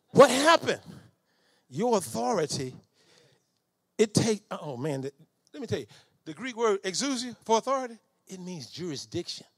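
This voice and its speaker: A middle-aged man preaching a storytelling sermon. His voice sits high and has a gravelly fry to it. The sound is close and dry, and he jumps from quiet asides to shouted commands. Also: no room sound. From Southern United States. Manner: animated, swings from low asides to shouted commands.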